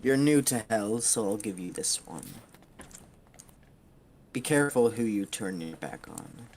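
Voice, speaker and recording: A sly female ruler of hell, put on by a man with a low, gravelly voice. She speaks slowly and deliberately, her menace wrapped in teasing. A tabletop game figure who commands more than she asks. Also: animated, a little mellow, a little hiss or hum. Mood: commanding.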